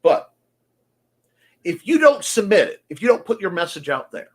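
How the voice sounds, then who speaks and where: A man's voice: sits high, very animated, normal speed, breathy edge. A man hosting a creative morning show, talking earnestly and confessionally in a folksy way. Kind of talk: reflective monologue.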